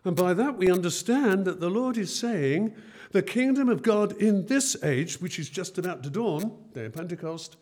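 A man's voice: sits high, expressive, normal speed, a little mellow. Man preaching a storytelling sermon. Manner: storytelling, retelling scenes in everyday speech. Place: church.

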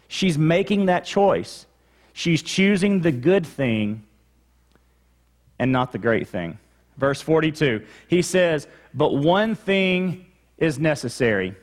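Slow, emphatic male pastor preaching. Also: fairly high pitch. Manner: explanatory teaching, emphatic repetition. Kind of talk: sermon.

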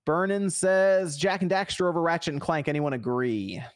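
A man's voice: a little high, moderate pace, clean tone, no echo, studio quality. A man hosting a casual gaming podcast, reading out viewer messages and laughing often. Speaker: podcast host reading chat. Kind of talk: casual chat.

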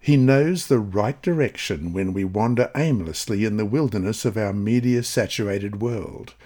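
A man reading a scripted devotional Bible study in a measured, earnest way, slowing on key phrases. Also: on the low side, dark tone. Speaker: devotional reader.

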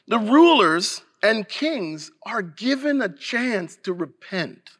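Man, pastor, sermon, high voice, slow delivery, earnest, emphatic. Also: lively intonation, a bit bright. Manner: earnest, emphatic preaching with restarts.

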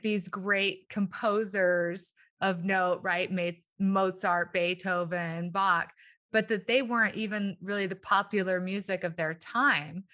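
A woman hosts a podcast interview with real enthusiasm, and her stories get livelier as she tells them. Her voice has a bright, sharp edge. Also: mid-range voice. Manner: enthusiastic, animated storyteller, laughs often. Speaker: podcast host. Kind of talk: casual interview conversation.

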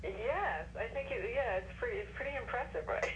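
A woman's voice: on the high side, lively intonation, brisk, background noise. A woman in her forties from England with an American accent, chatting as an interview guest with lots of restarts and small laughs. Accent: American, with faint British traces. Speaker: guest, actress. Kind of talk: casual interview chat.

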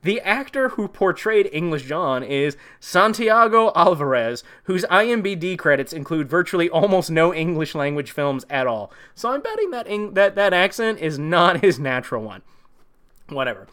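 A man with a fairly high, slightly bright voice hosts a podcast, talking at normal speed but very animatedly. He riffs sarcastically on a movie, rambling and swearing freely.

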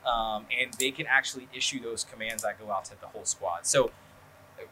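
A man hosts a podcast in loose, rambling chat, swearing freely and leaning on fillers. His voice is bright and forward, at a middling pitch. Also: a little fast, a little hiss or hum. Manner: rambling, profane, lots of fillers. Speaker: podcast host. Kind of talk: casual chat.

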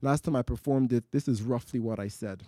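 A man from West Africa, a poet and storyteller, performing live in a festival tent with measured, rhythmic, vivid delivery. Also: medium pitch, warm tone, no room sound, studio quality. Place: night-time festival marquee.

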